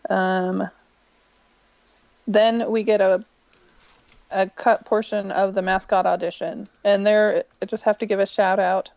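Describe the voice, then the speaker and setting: Chatty woman with a gravelly edge. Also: mid-range voice, dry recording, highs cut off. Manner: chatty retelling with many ums, quoting lines in a brighter voice. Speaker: podcast co-host. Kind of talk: casual recap of a TV episode.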